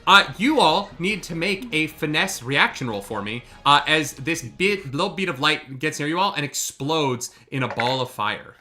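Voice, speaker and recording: A man running a live tabletop game as game master, halting with many fillers and joking, profane asides. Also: on the high side, lively intonation, pushed and bright.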